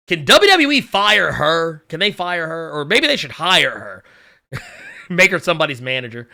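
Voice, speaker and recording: A man hosting a casual reaction video, talking excitably and profanely and laughing often. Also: sits high, measured pace. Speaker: video host.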